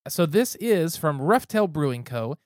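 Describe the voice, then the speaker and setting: A man's voice: a little high, sing-song, measured pace, no room sound, studio quality. A man hosting a casual podcast, talking in an easygoing, descriptive, good-humored way. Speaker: podcast host.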